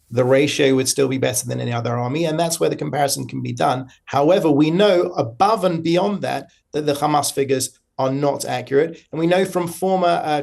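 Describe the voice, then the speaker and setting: A man speaking as a government spokesman in a televised interview, halting and full of fillers. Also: mid-range voice, creaky, darkish tone.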